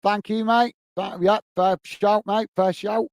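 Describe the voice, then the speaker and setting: A man's voice: sits high, fairly even intonation, unhurried, no room sound. A man hosting a football watch-along stream, chatting casually and reading out viewer comments to answer them. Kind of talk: live-stream casual chat.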